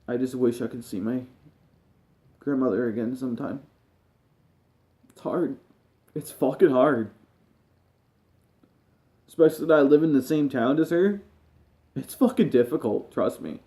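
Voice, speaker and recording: Grieving man with a mellow voice. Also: mid-range voice, lively intonation. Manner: halting, emotional, often trailing off quietly. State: grieving, near tears. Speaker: gaming streamer. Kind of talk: personal talk to camera.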